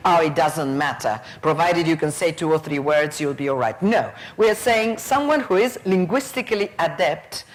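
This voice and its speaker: A woman in her fifties giving a plenary conference lecture, telling stories and acting out the people in them. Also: medium pitch. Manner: lively storyteller who acts out quoted voices. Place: conference hall.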